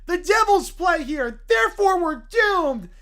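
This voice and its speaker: Woman doing a little boy, whiny, wailing, very high, sing-song. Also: very animated, heavily acted. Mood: panicked wailing. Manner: shouting, wailing, drawn-out words.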